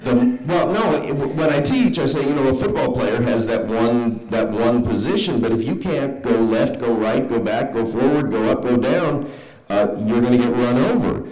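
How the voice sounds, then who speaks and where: A man's voice: medium pitch, moderate pace, a little mellow, faint music behind. A man speaking earnestly as a voice-actor panelist, rambling and restarting sentences, in a large convention hall on a handheld mic.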